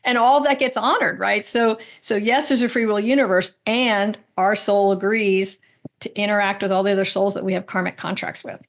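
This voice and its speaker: Woman guest telling lively stories. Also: medium pitch, moderate pace. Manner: animated storyteller, acts out quoted voices; frequent "right?" tag questions. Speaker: guest, medical intuitive. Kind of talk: conversational interview.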